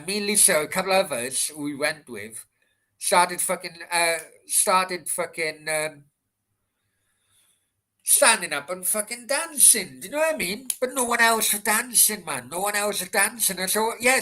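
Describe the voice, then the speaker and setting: A man's voice: high voice, sharp tone. A man hosting a football live stream, telling a rambling anecdote and swearing constantly. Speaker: football channel host.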